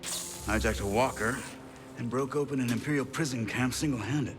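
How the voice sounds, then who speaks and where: A friendly male game ally voiced by a man asks easygoing, curious questions at a middle pitch. A game score plays behind him. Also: normal speed, lightly acted. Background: game music.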